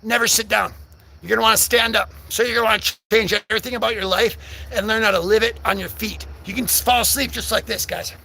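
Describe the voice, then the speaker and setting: Young male streamer, bright high voice, rambling and silly. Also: fairly even intonation, fast, creaky, husky. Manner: silly, rambling, breaks into loud singing. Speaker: livestream host. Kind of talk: goofy live chat with viewers, bursts of singing.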